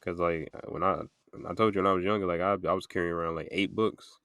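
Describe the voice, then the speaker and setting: A man's voice: low-pitched, steady tone, fast, fairly bright tone, no room sound. A young man hosting a podcast, chatting casually and rambling with lots of "like" fillers. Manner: rambling, filler-heavy storytelling with many "like"s. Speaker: podcast host.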